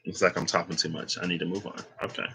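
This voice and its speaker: A man's voice: sits low, little pitch movement, fast talker, creaky, pushed and bright, poor audio. A man giving a casual, rambling tarot reading, thinking aloud with asides and bursts of laughter. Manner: laughs and exclaims between points. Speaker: tarot reader.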